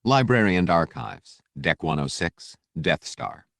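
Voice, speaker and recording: A man narrating an audiobook in a steady, measured storytelling voice. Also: sits low, creaky, no room sound. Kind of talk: scripted narration.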